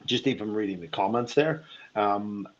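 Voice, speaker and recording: A man's voice: fairly low pitch, moderate pace, dull audio. A man calling into a live audio chat, hesitant and apologetic, full of fillers. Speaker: caller.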